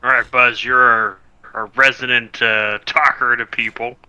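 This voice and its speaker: Bright, offhand male player. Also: mid-range voice, little pitch movement, normal speed, clear, resonant tone, no echo, lo-fi sound. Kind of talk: casual tabletop game chat.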